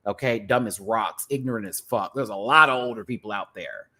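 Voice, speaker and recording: A man ranting casually as a show reviewer, sassy and animated, laughing often and swearing freely. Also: fairly low pitch, a little fast. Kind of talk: casual reaction rant.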